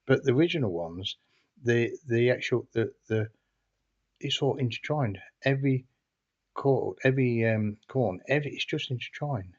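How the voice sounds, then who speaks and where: A man's voice: mid-range voice, expressive, normal speed. A man telling a story casually, in a hesitant, rambling way with frequent restarts. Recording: dull lo-fi recording.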